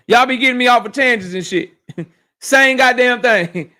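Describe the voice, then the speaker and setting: A man's voice: extremely high pitch, unhurried, pushed and bright. A man hosting a casual boxing livestream, ranting animatedly and profanely while reading chat messages.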